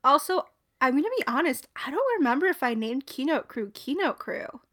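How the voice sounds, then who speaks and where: A woman's voice: high voice, fairly quick. A young woman co-hosting a podcast in casual chat, rambling and laughing often. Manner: giggly, rambling and animated. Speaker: podcast co-host.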